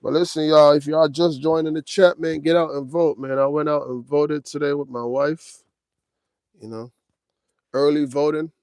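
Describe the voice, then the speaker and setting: A man's voice: fairly high pitch, fairly even intonation, moderate pace, a little mellow, no room sound. A man in his forties hosting a trucking livestream, talking casually and directly to his chat. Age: 40s. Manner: laid-back, talks straight to chat, drawls "man" and "y'all".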